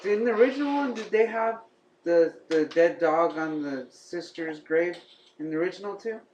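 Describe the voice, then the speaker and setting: A man joins a casual podcast chat, calm and questioning. His voice is slightly high. The room is echoey, with a faint hiss behind him. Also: normal speed, dull audio.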